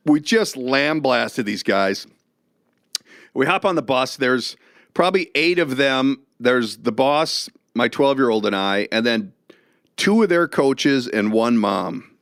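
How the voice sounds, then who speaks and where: Animated storytelling man, dry close sound. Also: mid-range voice, takes it slowly, dry recording. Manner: animated storyteller, laughs often. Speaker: podcast co-host. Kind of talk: casual chat.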